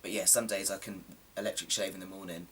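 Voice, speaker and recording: A man talks casually to his camera in a lowish voice that sounds slightly coarse and sore. He rambles along, self-deprecating, with lots of ums. The mic sits a little distant, with faint background hiss. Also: little pitch movement, fast, fairly bright tone. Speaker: vlogger.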